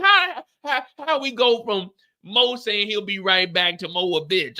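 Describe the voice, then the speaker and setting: A man's voice: high-pitched, lively intonation, a little slow, sharp tone. A man streaming a casual, profane chat to viewers, talking in an exaggerated, comically exasperated way and sounding tired. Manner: profane, repetitive storytelling. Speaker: show recap streamer.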